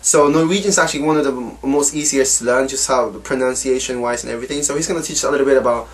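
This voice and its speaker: A man's voice: mid-range voice, steady tone, very fast. A young man hosting a casual chat, friendly and asking his guest questions. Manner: friendly, laughs often, asks questions. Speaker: host.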